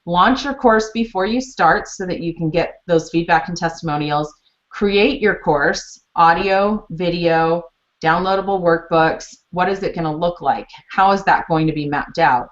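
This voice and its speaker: A woman's voice: fairly low pitch, unhurried. A woman presenting a teaching webinar, explaining steps in a chatty, storytelling way. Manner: chatty storytelling, animated retellings. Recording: muffled lo-fi webinar audio.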